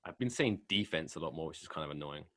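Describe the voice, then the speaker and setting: A man's voice: very deep voice, animated, fast talker, a bit bright. An English man co-hosting a sports podcast, chatting casually and joking, swearing freely. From England. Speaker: podcast co-host. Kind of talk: casual chat.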